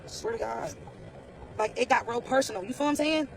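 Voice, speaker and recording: A man's voice: very high voice, a little fast, creaky, poor audio. A man telling a casual storytime rant to his viewers, blunt, profane and slangy, repeating phrases as he talks. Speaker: vlogger.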